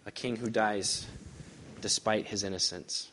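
A male pastor preaching a sermon and reading scripture aloud, pressing hard on key words and then dropping to hushed, quiet lines. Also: medium pitch, normal speed, slight background noise. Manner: emphatic, swings from loud stresses to hushed lines.

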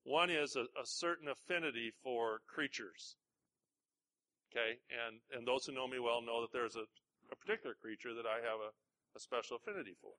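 A man, a pastor, preaching a conversational sermon, telling a personal story with self-deprecating humor and halting restarts. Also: mid-range voice, pushed and bright.

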